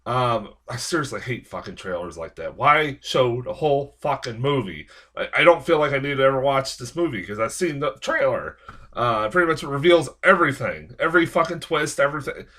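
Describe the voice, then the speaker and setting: A man with a fairly low, slightly bright voice delivers a casual spoken film review. He rambles and swears constantly, leaning on fillers as he rants in exasperation.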